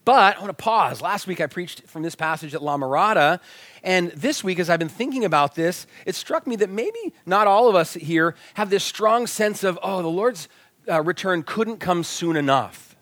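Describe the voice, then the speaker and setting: Animated preacher man, slightly high voice. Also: moderate pace, no room sound. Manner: animated, acts out quoted dialogue, drops to near whispers. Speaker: pastor. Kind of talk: sermon with personal storytelling. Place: church sanctuary.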